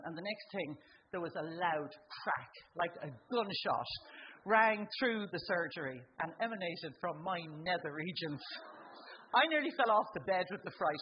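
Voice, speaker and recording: A middle-aged Irish woman doing a stand-up comedy story, talking conversationally and jumping her voice up high for the lines she acts out. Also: dull audio, a little hiss or hum. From Ireland. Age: 40s or older. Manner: conversational storytelling, leaping up in pitch for acted-out exclamations. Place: live comedy venue.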